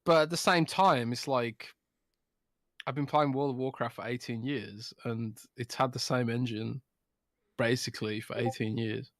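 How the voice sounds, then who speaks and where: A man's voice: mid-range voice, fairly even intonation, moderate pace, dry recording, studio quality. A man co-hosting a casual podcast chat, drunk and slurring his words, talking in a loose, rambling, sweary way. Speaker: podcast co-host.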